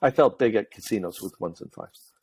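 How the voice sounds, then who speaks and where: Middle-aged male podcast host, chatty and animated, relaxed conversational delivery. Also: on the low side, brisk, slightly rough. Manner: talkative, animated storyteller. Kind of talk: casual chat.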